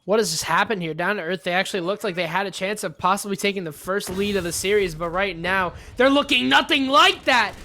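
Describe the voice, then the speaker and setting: A woman casting an esports match, giggly in banter and energetic on the play-by-play. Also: medium pitch, a little fast, hardly any pauses, slight background noise. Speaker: esports caster.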